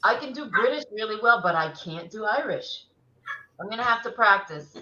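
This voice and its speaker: A woman's voice: mid-range voice, lively intonation, moderate pace, bright, forceful tone. Chatty woman co-host, echoey sound. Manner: chatty, laughs easily. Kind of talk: casual interview chat. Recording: echoey dull lo-fi room sound.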